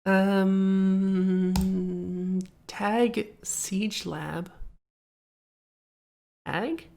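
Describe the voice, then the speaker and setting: A woman's voice: medium pitch, very slow, gravelly, dark tone, clean tone. A young woman streaming a game, rambling and cracking self-amused jokes as she plays. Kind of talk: casual commentary while playing.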